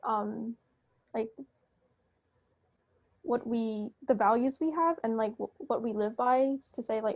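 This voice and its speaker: A woman's voice: on the high side, unhurried, creaky, long pauses. A woman taking part in an online workshop, answering hesitantly with many fillers over a video call. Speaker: workshop participant.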